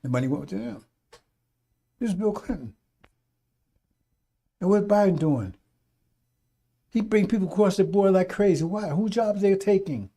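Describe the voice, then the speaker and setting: Fiery, preachy man with high, dark voice. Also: lively intonation, normal speed, pauses often. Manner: fiery, preachy, swears, mimics voices in asides. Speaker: radio talk host. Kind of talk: rambling radio monologue.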